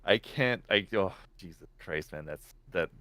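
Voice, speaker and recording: A man's voice: sits low, lively intonation, unhurried, bright, forceful tone. A man from Canada chatting casually on a stream, talking in a blunt, dry way with stumbling restarts. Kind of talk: casual political banter.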